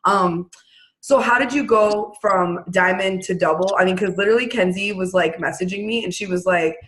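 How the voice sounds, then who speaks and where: A woman giving her team a casual pep talk over a video call. She is blunt and brisk, acting out quotes as she goes. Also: mid-range voice, a bit bright, rough recording.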